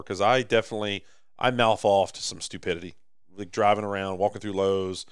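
A man with an American accent co-hosting a podcast in casual chat, rambling and animated, swinging between loud and soft. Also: lowish voice, a little fast, smooth, no room sound, clean studio sound. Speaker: podcast co-host.

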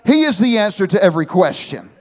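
A man in his thirties with a rather high voice delivers an animated sermon. He mixes earnest preaching with humorous asides and calls out amen to his listeners. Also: fast talker, big-room sound.

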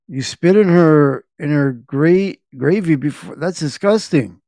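A man hosts a casual podcast and chats with his live audience, rambling along with plenty of fillers and asides. His voice sits a little high but has a dark, mellow tone. It is recorded on a close mic in a dry room. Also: lively intonation, slow, vocal fry, no echo. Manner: rambling, filler-heavy, joking with chat. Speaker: podcast host. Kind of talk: casual chat reading chat and articles.

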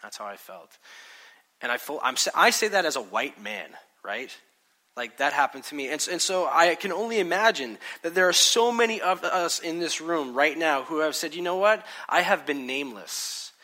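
A man's voice: fairly high pitch, expressive, moderate pace, sharp tone. A man in his thirties preaching a sermon to a congregation, telling stories in a conversational way and acting out quotes. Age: 30s. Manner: conversational, storytelling with acted-out quotes. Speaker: pastor. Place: church hall with congregation.

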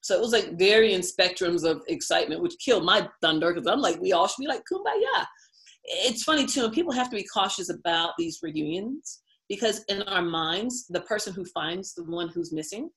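A woman's voice: mid-range voice, fairly bright tone. A middle-aged woman from the United States, an interview guest telling a personal story, chatty and laughing often.

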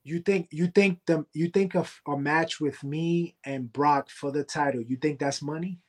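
A man's voice: on the high side, a little slow. A man, a wrestling heavyweight champion, talking trash as a podcast guest. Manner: cocky trash talk. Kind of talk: podcast interview.

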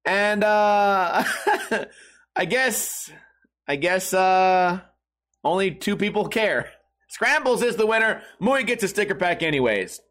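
A man with a fairly high speaking voice rants in a loose, profane comedic monologue. He laughs at his own jokes and breaks off into quick asides. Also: animated, fairly bright tone. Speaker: comedy podcast host.

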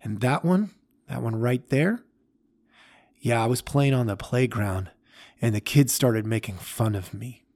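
A man telling of a gentle old man. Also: medium pitch, measured pace, no echo. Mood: reflective. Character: gentle old man recounting his heartbreaks.

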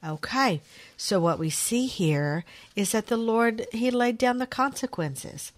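A woman co-hosting a faith chat who agrees warmly and reads scripture slowly. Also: a little high, lively intonation, no echo. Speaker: podcast co-host.

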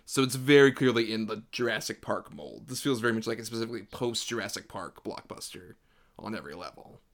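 A man with a fairly low voice talks quickly as he co-hosts a podcast. He chats casually about a movie, wandering from point to point and filling his speech with "like."

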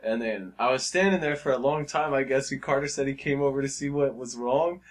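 A man's voice: mid-range voice, a little fast. Chill guy telling a story, swears casually, sounds kinda far from the mic. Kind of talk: casual chat. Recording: a bit distant from the mic.

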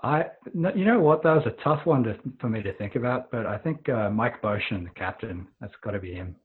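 A man's voice: fairly low pitch, lively intonation, brisk, slightly rough. A man talking as a guest in a casual podcast interview, hesitant with many fillers, heard over a call. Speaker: guest, club member. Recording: tinny phone line.

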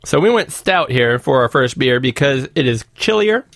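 Gravelly man, slightly high voice, upbeat jokey podcast co-host, dry room. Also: lively intonation, moderate pace, a bit bright, dry recording. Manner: jokey, upbeat, reads listener feedback. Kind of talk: casual chat.

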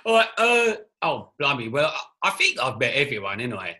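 A man's voice: mid-range voice, wildly swooping pitch, a little fast, pushed and bright. A man with a London accent, chatting as a guest on a group call, joking and rambling. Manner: jokey, rambling banter. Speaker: podcast guest, actor and writer. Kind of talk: casual group chat on a call. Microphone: video call.

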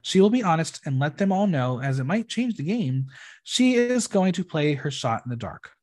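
A man hosting a casual podcast, recapping a reality show in an opinionated, expressive way and swearing freely. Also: a little high, moderate pace.

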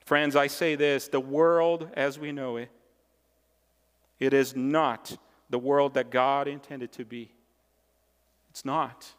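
A man's voice: medium pitch, little pitch movement, slow, long pauses, clear, resonant tone. A male pastor delivering a sermon with emphatic, repeated phrases. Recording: long reverb of a large hall.

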